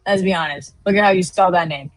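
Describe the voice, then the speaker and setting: A woman in her thirties co-hosting a live trading stream, chatting casually and telling a lively story with animated quoted voices. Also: fairly low pitch, fast talker, no echo, soft background music. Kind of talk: casual chat.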